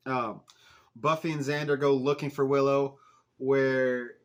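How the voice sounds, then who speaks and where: Animated young man recapping a show. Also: medium pitch, unhurried. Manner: animated, swearing, laughing at the plot. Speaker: podcast host recapping an episode. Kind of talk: casual recap chat.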